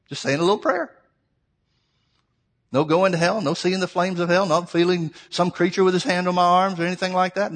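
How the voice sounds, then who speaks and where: A male pastor preaching a sermon, telling a story and swinging between loud, fervent preaching and quiet asides. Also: high-pitched. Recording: long hall reverb.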